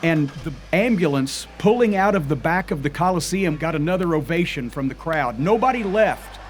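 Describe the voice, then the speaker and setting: An older man recounts the story with vivid, animated energy. His voice sits fairly high for a man and stays lively as he describes each scene. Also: normal speed, a little hiss or hum. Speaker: wrestling historian. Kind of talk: storytelling interview.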